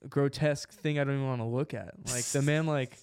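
A man from New Jersey hosting a casual podcast chat, animated and laughing often as he rambles. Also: mid-range voice, quick pace, clean tone. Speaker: podcast host.

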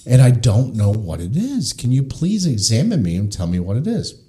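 A man's voice: mid-range voice, huge pitch swings, moderate pace, warm tone. A man voicing a fretful woman patient. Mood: pleading.

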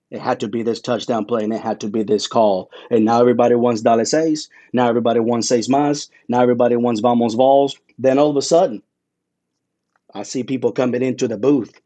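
A man sits as an interview guest and tells his story with growing excitement and feeling. His voice is warm and mellow, never bright. He talks like a play-by-play broadcaster, with punchy phrases and dramatic pauses. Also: medium pitch. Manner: animated and emotional, with dramatic pauses.

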